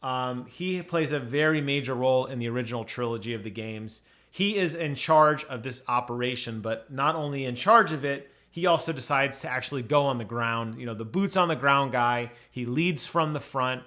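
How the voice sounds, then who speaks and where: A man's voice: medium pitch, normal speed, hardly any pauses, bright, forceful tone. A man casually reviewing an audiobook on his channel, chatty, with many ums and restarts.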